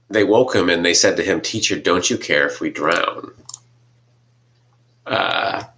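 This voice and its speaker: A man's voice: low voice, bright, forceful tone. A man co-hosting a casual talk on scripture, thinking aloud with frequent restarts and hesitations. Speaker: podcast co-host discussing scripture. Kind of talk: casual conversation.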